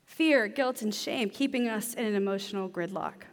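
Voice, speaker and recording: A woman's voice: mid-range voice, moderate pace. A young adult woman preaching a sermon in a conversational, humorous way, acting out everyday scenarios. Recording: long hall reverb.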